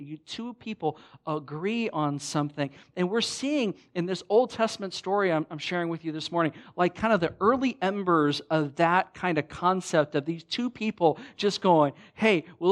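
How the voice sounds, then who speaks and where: Animated, conversational man preaching. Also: a little high. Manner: conversational, animated, acts out quoted lines. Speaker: pastor. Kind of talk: sermon.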